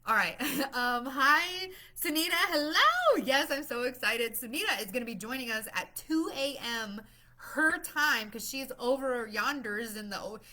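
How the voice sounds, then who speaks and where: A woman's voice: high-pitched, lively intonation, normal speed, sharp tone. A woman chatting casually on a live stream, bubbly and rambling, laughing often as she greets viewers and promotes her class. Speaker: livestream host promoting her masterclass.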